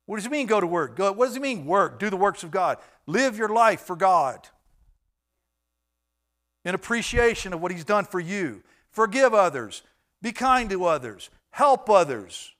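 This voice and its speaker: A man's voice: sits high, sing-song, unhurried, pauses often, a bit bright. A pastor preaching a sermon, emphatic and repetitive as he exhorts his congregation.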